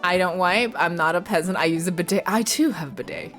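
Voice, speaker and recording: A woman streamer chatting casually with her viewers while playing a game, giggly and excitable, squealing when she greets people. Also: fairly low pitch, a little fast, faint music behind. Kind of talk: casual livestream chat with viewers.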